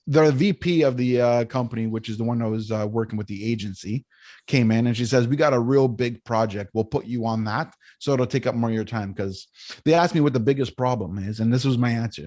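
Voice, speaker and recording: Male guest, lively anecdote teller, mid-range voice, easygoing and chatty. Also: medium pitch, brisk. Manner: animated storyteller, keeps asking "right?". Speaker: podcast guest, business coach. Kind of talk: casual storytelling interview.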